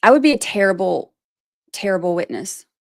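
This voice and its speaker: An expressive, fairly quick woman's voice of medium pitch hosts a casual livestream about a court case. She reads the chat out loud, thinks aloud as she rambles, fills her speech with "like" and "you know," and is self-deprecating.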